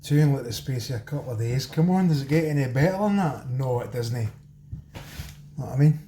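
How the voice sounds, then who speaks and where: A man's voice: medium pitch, lively intonation, a little fast, mellow. A Scottish man hosting a home cooking video, chatting cheekily to his viewers as he works in his kitchen. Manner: chatty, cheeky, talks straight to viewers as folks. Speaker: home cooking channel host. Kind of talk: casual cooking demo talk. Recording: roomy echo, faint background noise.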